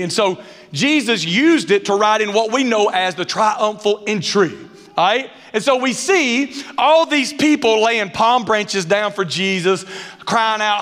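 A man preaching a sermon, telling funny personal stories in an animated way and acting out what people said. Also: high-pitched, unhurried. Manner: animated storyteller, dialect grammar, acts out quotes. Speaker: pastor. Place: church sanctuary. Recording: reverberant hall sound.

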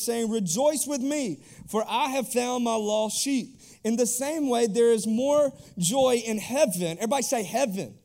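High-voiced, energetic youth pastor. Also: male voice. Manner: energetic, conversational, with playful asides. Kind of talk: sermon. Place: church.

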